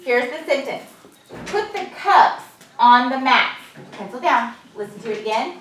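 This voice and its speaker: A woman teacher leading a phonics lesson for a few children and explaining her method to watching teachers, with clear, drawn-out prompts. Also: high voice, fairly bright tone, a little hiss or hum. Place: classroom. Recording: echoey classroom from far off.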